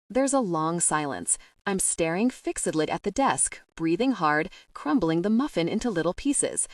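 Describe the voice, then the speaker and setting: A woman narrating a first-person novel in an expressive storytelling voice. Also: on the low side, no room sound, clean studio sound, far from the mic. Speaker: audiobook narrator.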